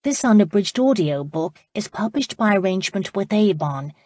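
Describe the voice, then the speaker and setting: A woman narrating an audiobook in a measured, expressive reading on a close studio mic. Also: medium pitch, dry recording. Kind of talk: scripted narration.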